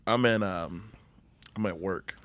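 A man telling a crude story with loud, animated energy in a casual chat. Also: deep voice, slow pace, dry recording.

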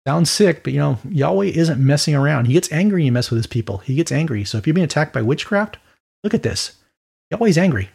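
Male preacher, mid-pitched and raspy, chatty and animated Bible teaching. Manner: conversational and animated, with quick mock voices and asides.

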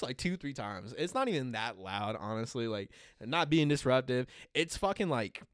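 A young man hosting a casual chat, telling animated stories full of swearing and acted-out quotes. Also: medium pitch, moderate pace, hardly any pauses, clean tone, no room sound, clean studio sound. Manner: animated storytelling, heavy swearing, acts out quotes. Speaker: podcast host.

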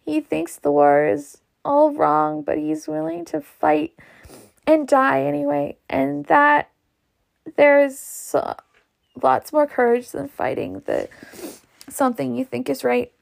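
Woman reading a gentle young lady, hesitant, slow, gravelly edge. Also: a little high. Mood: tearful. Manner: hesitant, stumbling over words.

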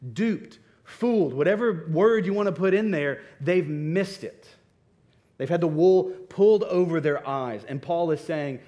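A man's voice: a little high, warm tone. A man preaching, reading scripture aloud with emphasis and then explaining it to his congregation. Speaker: pastor. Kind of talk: sermon.

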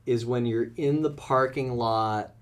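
A man's voice: mid-range voice, steady tone, a little slow. A man from the United States, a comedian chatting as a podcast guest, joking, rambling and swearing freely. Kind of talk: casual podcast chat.

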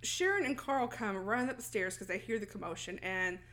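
Here a woman speaks a little fast in a sharp tone at medium pitch. She's co-hosting a relaxed podcast, recapping a movie's story with frequent laughter and acting out its lines along the way.

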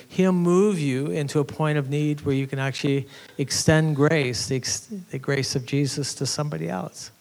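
A man's voice: on the high side, steady tone, normal speed, gravelly, hardly any pauses, darkish tone. A man pastor giving a conversational teaching sermon, telling a story with earnest restarts. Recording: reverberant hall.

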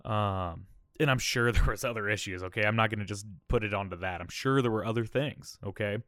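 Male podcast host, about thirty, candid and rambling as he tells a personal story, slightly low voice, dry sound. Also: a little fast, fairly bright tone, no room sound. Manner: candid, rambling, keeps adding "all right?" and "okay?".

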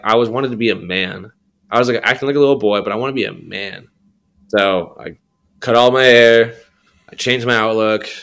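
A man's voice: mid-range voice, a bit bright. A young adult man sharing his faith story as a podcast guest, rambling with slang and many fillers. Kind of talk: candid personal testimony.

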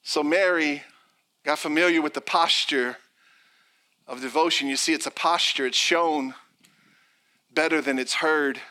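A man's voice: on the high side, a little slow, pauses often. A middle-aged man preaching a sermon as pastor, telling stories and acting out the people in them. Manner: animated storytelling preacher, acts out quotes.

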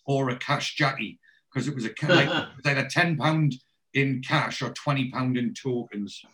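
A man in a casual podcast chat, recapping a TV episode. He rambles, leaning on ums and quoted lines. His voice sits at an ordinary middle pitch. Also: normal speed, bright, forceful tone. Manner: rambling storyteller, many fillers and quotes.

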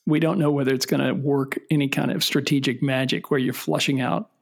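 A man's voice: mid-range voice, little pitch movement, a little fast, vocal fry. A middle-aged man hosting a casual political podcast with his sons, wry and rambling, often trailing off. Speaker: podcast host and father.

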